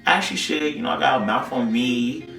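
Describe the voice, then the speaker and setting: Male podcast co-host, forceful tone, casual storyteller with a foul mouth, faint music behind. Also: medium pitch, fairly quick, gravelly. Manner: animated, slangy, swearing freely. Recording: roomy sound, mic at a distance, faint music.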